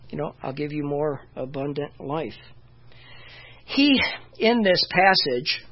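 A man's voice: a little high, slightly rough, highs cut off. A man preaching a sermon in a conversational way, often saying "you know" and restarting his phrases. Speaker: pastor.

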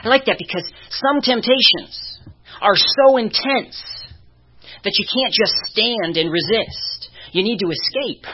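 A preacher giving a conversational sermon, chuckling softly now and then. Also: mid-range voice, husky. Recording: dull lo-fi recording.

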